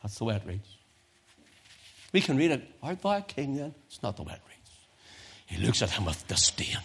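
A man preaching a sermon, building to loud emphatic peaks and dropping to hushed, almost whispered lines, repeating phrases for effect. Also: medium pitch, very animated, normal speed, vocal fry, pauses often, slightly rough. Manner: dramatic swings from loud crescendo to hushed near-whisper.

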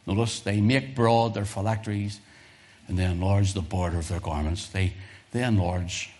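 A man preaching a sermon, moving from easy, conversational asides to loud, impassioned peaks and repeating phrases for emphasis. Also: deep voice, fairly even intonation, moderate pace. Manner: impassioned, swelling to loud fervent peaks then dropping to quiet asides.

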